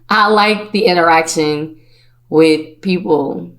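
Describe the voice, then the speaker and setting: A podcast host from Virginia, a woman with a voice on the lower side, tells a personal story in a relaxed, chatty manner. She is playful and conversational, and she slips into the voices of her relatives as she talks. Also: measured pace. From Virginia, USA.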